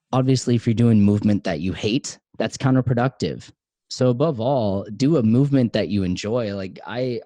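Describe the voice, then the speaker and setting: A man's voice: medium pitch, dark tone, dry recording. A man co-hosting a podcast, talking in a candid, laid-back way. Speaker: podcast co-host. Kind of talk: casual podcast talk.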